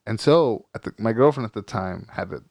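A man in casual chat, excitable, laughing as he retells a phone call and mimicking the voices in it. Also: fairly low pitch, brisk, creaky, no room sound. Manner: excitable, laughs while telling, mimics others. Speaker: older brother of the storyteller.

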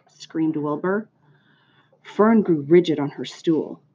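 A woman teacher reading a storybook aloud with expressive, lively storytelling. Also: low-pitched, normal speed, breathy edge. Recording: dull lo-fi recording.

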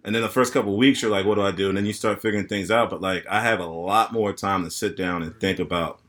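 A man's voice: deep voice, fairly even intonation, fast, fairly bright tone. A man in his thirties hosting a casual podcast chat among friends, easygoing and rambling, laughing often. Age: 30s. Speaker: podcast host and bartender.

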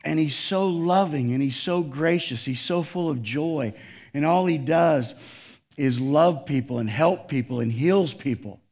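A male pastor preaching a sermon, swinging from loud, emphatic lines to quiet, low asides. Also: a little slow.

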